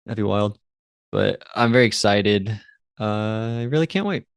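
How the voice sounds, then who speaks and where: A man in his twenties co-hosting a podcast, chatting casually with quick, joking banter and some swearing. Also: on the low side, expressive, gravelly, dry recording, clean studio sound. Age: 20s. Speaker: podcast co-host. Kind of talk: casual chat.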